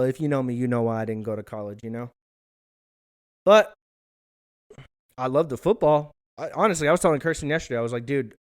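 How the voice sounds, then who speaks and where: A man's voice: medium pitch, clear, resonant tone. Loose, profane young man rambling. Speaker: podcast host. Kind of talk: casual solo vlog chat. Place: hot living room at home.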